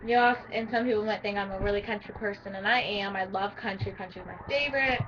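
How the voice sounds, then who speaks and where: A woman's voice: medium pitch, fast, a bit bright. A teenage girl vlogging about herself in a rambling, casual way, full of "um" and "like". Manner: rambling, lots of "um" and "like", restarts. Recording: dull lo-fi sound with crowd noise behind.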